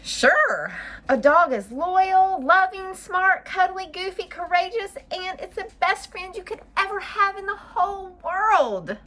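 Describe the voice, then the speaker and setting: A woman's voice: very high voice, lively intonation, a little slow, sharp tone, pitched above the performer's own voice, full character voice. A woman voicing an insistent child in a picture book who only wants a dog, reading aloud. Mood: enthusiastic. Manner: insistent, earnest.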